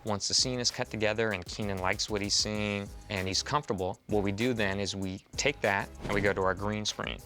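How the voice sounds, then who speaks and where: A man explaining the filming process slowly, step by step, in a behind-the-scenes interview. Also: on the low side, fairly even intonation, bright, forceful tone, faint music behind.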